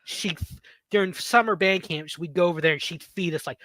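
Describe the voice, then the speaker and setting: A man's voice: high-pitched, brisk, a bit bright, no echo. A man, hosting a podcast and telling rambling stories in casual chat. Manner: rambling, self-interrupting storyteller. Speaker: podcast host.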